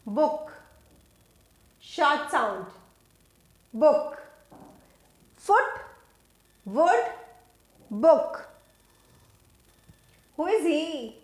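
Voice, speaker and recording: Slow sing-song woman teacher. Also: sits high, very animated, echoey room. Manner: slow, drawn-out, sing-song teacher voice that repeats words for kids. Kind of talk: phonics lesson for children.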